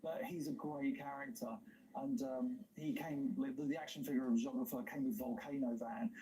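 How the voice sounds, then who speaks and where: A man's voice: medium pitch, steady tone, a little fast, mellow, faint music behind, rough recording. Enthusiastic rambling man hosting a stream. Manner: enthusiastic, rambling, laughs often. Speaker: livestream host. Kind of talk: casual chat.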